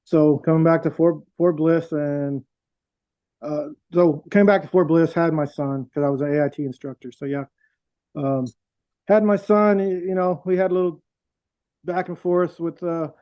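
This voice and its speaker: Middle-aged man, fairly high voice, rambling casual storytelling, dry dull lo-fi recording. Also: fairly even intonation, normal speed, no echo. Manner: rambling, many fillers and restarts. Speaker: guest, Army veteran.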